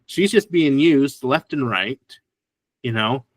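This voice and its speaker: Relaxed man with a dry close sound. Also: mid-range voice, slow pace, no room sound. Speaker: podcast co-host. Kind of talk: casual chat.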